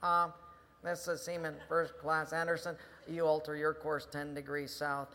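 A man playing a calm, unflappable male seaman who answers in a slow, unhurried drawl. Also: fairly high pitch. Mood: unbothered. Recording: long reverb in a hall.

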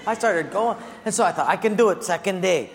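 A high-voiced man preaches in a church, storytelling with animated acted-out quotes. His voice carries through a long hall reverb with a faint hum of ambience behind it. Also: a little fast. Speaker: pastor. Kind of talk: sermon.

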